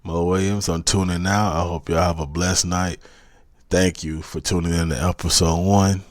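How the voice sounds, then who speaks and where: A man's voice: sits low, level tone, normal speed, no echo, clean studio sound. A man from South Carolina with a Southern accent, hosting a podcast and giving a preachy, motivational monologue that keeps repeating its urgings. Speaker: podcast host.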